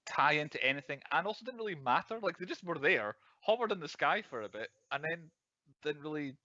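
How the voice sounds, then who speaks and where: A man's voice: on the high side, animated, a little fast, sharp tone, no room sound. A man co-hosting a casual film podcast, chatty and laughing often, stumbling over his words. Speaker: podcast co-host. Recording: slightly dull lo-fi dry sound.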